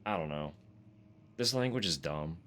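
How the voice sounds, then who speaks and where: A man's voice: rumbling low, expressive, moderate pace, fairly bright tone. A Canadian man streaming a horror game live, reading in-game text aloud and chatting in a self-deprecating way, swearing and laughing often.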